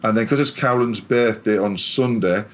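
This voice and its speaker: A man's voice: on the low side, normal speed, a little hiss or hum. A man from England co-hosting a podcast, telling long sweary stories in casual chat. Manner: sweary, rambling storyteller. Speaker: podcast co-host.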